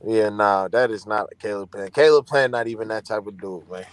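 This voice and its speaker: A man's voice: fairly low pitch, normal speed, over a noisy crowd. A man co-hosting a boxing live stream in a laid-back, joking way. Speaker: co-host. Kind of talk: casual live-stream chat.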